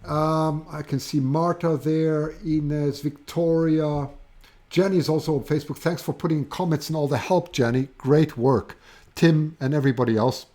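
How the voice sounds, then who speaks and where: A man with a German accent hosting a live stream, chatting enthusiastically to viewers with many halting restarts. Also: fairly high pitch, steady tone, darkish tone. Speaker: host of a livestream. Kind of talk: casual live-stream chat.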